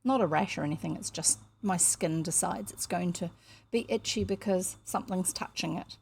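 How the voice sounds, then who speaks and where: A woman's voice: lowish voice, normal speed, gravelly, a little mellow, slightly rough. A woman from New Zealand with a New Zealand accent, reading a children's novel aloud with chatty asides. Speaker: audiobook reader.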